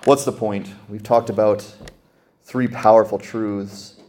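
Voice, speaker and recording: A pastor preaching in a lowish male voice that is dynamic rather than flat. He slows and goes soft over scripture, then climbs sharply in pitch and volume to hammer home a point. The delivery is earnest and sermon-styled throughout. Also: slight background noise.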